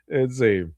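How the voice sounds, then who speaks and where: A man's voice: medium pitch, a little mellow, no room sound. A man hosting a stream, rambling through casual film commentary in a sarcastic tone, full of fillers and restarts. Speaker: stream host.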